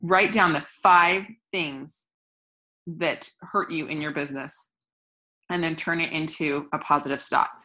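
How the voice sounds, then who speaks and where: Chatty low-voiced woman coaching her team. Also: fairly even intonation, a little slow, sharp tone, low-quality recording. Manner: chatty, restarts often, laughs at own slips. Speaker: network marketing team leader. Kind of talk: casual motivational training talk. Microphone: phone.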